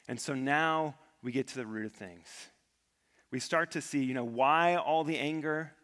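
A man's voice: medium pitch, unhurried, a bit bright. A man preaching a sermon as pastor, earnest and emphatic, often repeating words as he builds a point. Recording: long hall reverb.

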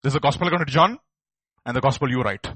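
A man's voice: medium pitch, racing, fairly bright tone, husky, dry recording. A man preaching a sermon, acting out quoted voices and building to emphatic outbursts. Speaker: pastor.

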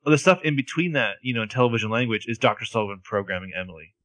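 A man's voice: mid-range voice, rapid-fire, fairly bright tone, dry recording. A man co-hosting a casual podcast, talking through a TV episode with lots of "like". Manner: chatty, lots of "like" and restarts. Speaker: podcast co-host recapping a TV episode. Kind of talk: casual chat.

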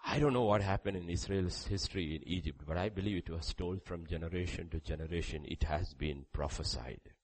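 A man preaching a sermon, reading scripture aloud, with sudden loud rises and quiet drops. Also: low voice, brisk, few pauses, slightly rough, rough recording. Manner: reads scripture aloud with emphasis.

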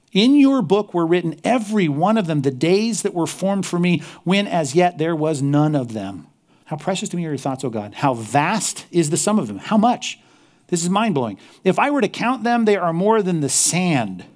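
A male pastor preaching a sermon, reading scripture aloud with lively swings between loud emphasis and quiet intensity. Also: on the high side.

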